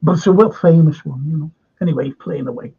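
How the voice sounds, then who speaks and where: A man's voice: fairly high pitch, fast talker, vocal fry, mellow, husky. A man hosting a casual fan chat, rambling and chatty, reading out viewers' comments. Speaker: host. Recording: tinny phone-like line.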